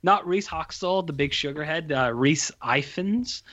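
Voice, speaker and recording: A man's voice: a little high, measured pace. A man casually chatting on a podcast about movies over a remote call, rambling and profane. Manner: rambling, profane, animated storytelling. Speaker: podcast co-host reviewing movies. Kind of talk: casual chat. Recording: muffled lo-fi call audio.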